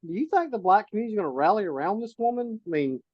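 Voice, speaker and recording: A man's voice: high-pitched, animated, rapid-fire, no echo, lo-fi sound. A man hosting a casual political talk show, asking his guest questions and often restarting his sentences. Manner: conversational, many restarts, asks questions. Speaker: podcast host.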